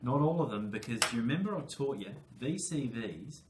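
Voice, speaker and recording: A man's voice: medium pitch, animated, fairly quick, a little hiss or hum. An Australian man teaching a small-group reading lesson, patient and encouraging, calling his students "mate" as he walks them through spelling rules. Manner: encouraging, patient, matey coaching. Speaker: literacy teacher. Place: classroom. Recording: roomy classroom echo.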